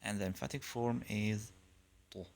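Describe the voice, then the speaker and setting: A man's voice: medium pitch, animated, a little slow. A man teaching a language lesson, patiently drilling pronunciation and repeating sounds one by one. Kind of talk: slow, deliberate pronunciation lesson.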